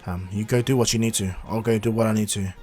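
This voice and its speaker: Guy doing a kind old martial arts master, a bit lower and soft, calm. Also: quick pace, faint music behind, lightly acted. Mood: reassuring. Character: aged male martial arts master, kindly.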